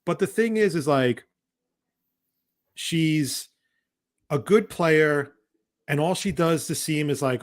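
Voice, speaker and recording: A man with a somewhat high voice co-hosts a casual podcast chat. He rants in an exasperated, heated way, swearing freely as he vents. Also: slow pace, long pauses. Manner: heated, exasperated ranting with profanity; often mimics other people's voices. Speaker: podcast co-host.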